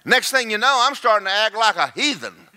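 A male pastor preaching a sermon, swinging from folksy joking asides to shouted, singsong climaxes. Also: high voice, very animated, brisk.

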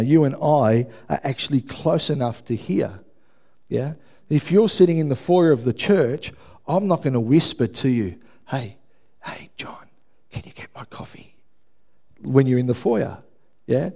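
A man's voice: fairly high pitch, vocal fry, mellow. A man preaching a sermon in a conversational way, often checking in with the congregation. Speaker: pastor.

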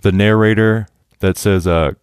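Young man, very low voice, excitable, laughs a lot, casual podcast chat, dry close sound. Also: a little slow, clean tone, dry recording. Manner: excitable, laughs often, many fillers. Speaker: podcast host.

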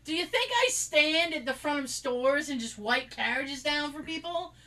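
Woman, high voice, swoopy lively pitch, storytelling rant, casual chat. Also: normal speed, rough recording. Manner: animated, laughing, acts out quotes in a storytelling rant. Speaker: co-host.

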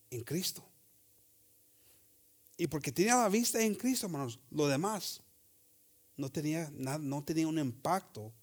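A pastor with a rather high male voice preaches in a bilingual sermon. He draws out scripture verses slowly, then drops to a low, soft finish as each thought ends.

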